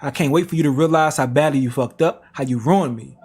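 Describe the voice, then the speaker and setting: A man's voice: a little high, fairly quick, a crowd in the background. A man reading text messages aloud on a reaction stream, with slangy asides. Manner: plain reading broken by slang asides and laughs.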